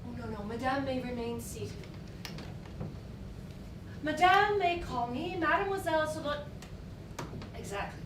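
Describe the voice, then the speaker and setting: A bitter, scheming maid, mocks and menaces in a high, unhurried voice. She sounds theatrical and cruel. The recording catches an echoey stage from a distance, with faint hiss. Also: expressive. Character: Solange, a bitter scheming maid, adult woman. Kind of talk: stage acting. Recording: echoey stage from far off, light noise.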